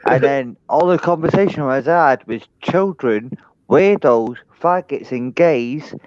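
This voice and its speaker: A man joining a casual voice chat, loud and profane, heckling the others. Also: mid-range voice, lively intonation, unhurried, no room sound, highs cut off. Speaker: panel guest. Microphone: earphones.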